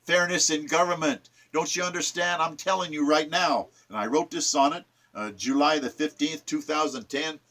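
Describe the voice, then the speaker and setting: A man's voice: a little high, fairly even intonation, normal speed, few pauses, bright, forceful tone. A man reciting his own sonnets and following them with impassioned, preachy political commentary. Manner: ranting, preachy, emphatic.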